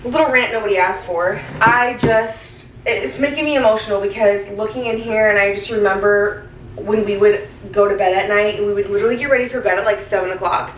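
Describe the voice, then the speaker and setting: A woman's voice: mid-range voice, brisk, far from the mic. A young woman, a stay-at-home mom, talking candidly to her camera in a casual vlog, rambling and full of "like" fillers. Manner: rambling, candid, heavy use of "like". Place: home kitchen. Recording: roomy, off-mic, faint hiss.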